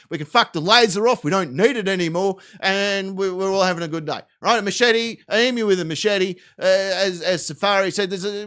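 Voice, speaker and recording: A man's voice: high-pitched, fairly bright tone. An Australian man hosting a live stream, chatting casually and cursing a lot as he rambles through jokes. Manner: profane, rambling, jokey.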